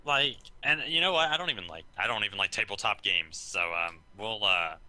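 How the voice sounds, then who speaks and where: A man's voice: fairly low pitch, lively intonation, a little fast, bright, forceful tone, low-quality recording. A man co-hosting a podcast in casual chat, talking hesitantly with many ums and likes. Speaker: podcast co-host.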